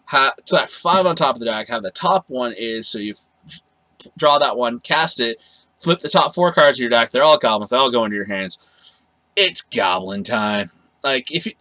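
A man's voice: mid-range voice, pushed and bright, no echo, poor audio. Man, casual card game review, rambling, self-correcting, dry close sound.

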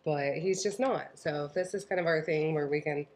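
A woman's voice: sits low, measured pace, a little mellow, slight background noise. A woman chatting casually at home on a diet vlog, chiming in and laughing easily. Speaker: co-host of a keto vlog channel. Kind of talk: casual chat.

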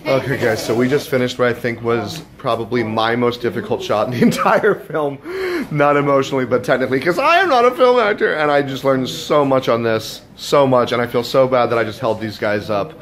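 A young actor chats in a behind-the-scenes vlog from a film set, sometimes excitable and sometimes quiet and reflective. His voice is medium-pitched and fairly quick, with hardly any pauses.

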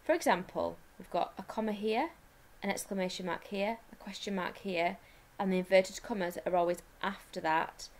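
A little hiss or hum runs under this recorded lesson from an English-accented primary school teacher. Her voice is mid-range, and she explains step by step, slowing down to dictate.

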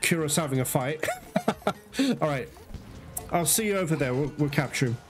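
Excitable swearing gamer man over music. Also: on the high side, normal speed. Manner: excitable, swears often, talks to viewers as guys. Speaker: let's play host. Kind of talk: gameplay commentary. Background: game music.

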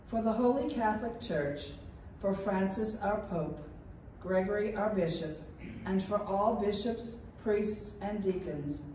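A woman's voice: medium pitch, a little slow, slight background noise. Woman reading intercessions, far off in a church. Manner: steady, formal reading. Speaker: reader of the intercessions. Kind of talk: reading prayers of the faithful. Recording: distant and echoey in a church.

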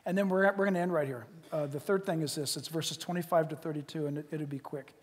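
A male pastor preaching a sermon, animated, swinging between loud exclamations and hushed asides. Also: a little high, quick pace, hardly any pauses, slightly rough, in a large hall.

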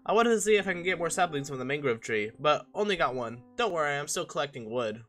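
Young man, slightly high voice, crisp and bright, casual self-mocking gameplay voice-over, faint music behind. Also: expressive, quick pace. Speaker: gaming channel host.

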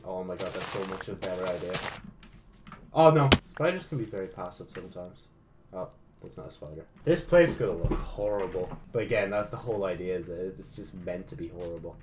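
A man hosting his own gaming channel, giving casual gameplay commentary, excitable and swearing often as he talks to himself. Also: low voice, a little fast, heavy background noise.

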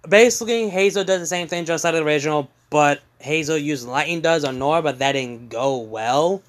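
A man casually retelling a fan story, halting with many fillers and restarts. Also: on the high side.

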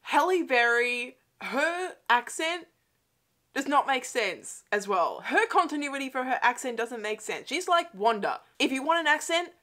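With a high, sharp-toned voice and lively intonation, she speaks a little slowly. This young adult woman does a casual watch-along film commentary from home, chatting, laughing a lot and swearing often.

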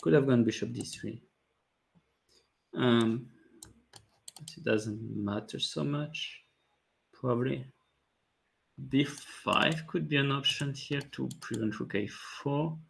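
A man, a chess grandmaster calmly thinking aloud about his moves during a live stream, with light jokes. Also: medium pitch, takes it slowly, gravelly, pauses often, slight background noise. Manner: calm, thinking aloud move by move, light joking. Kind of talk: live-stream commentary on his own play.

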